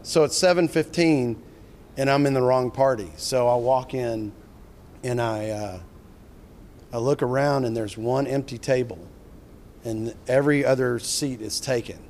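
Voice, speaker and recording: A middle-aged man with an ordinary mid-range voice tells a story to an interviewer. He talks eagerly and rambles, restarting sentences as he goes. A faint rumble sits under the recording. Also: steady tone, a little slow, a little mellow. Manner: enthusiastic, rambling, with repeated restarts. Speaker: filmmaker.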